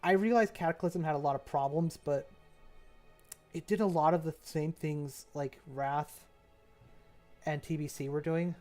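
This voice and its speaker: A young man rambles through a relaxed stream chat, laughing often and slipping into quick mimicry of others. His voice sits a little high, and soft music plays faintly underneath. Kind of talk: casual chat while mapping.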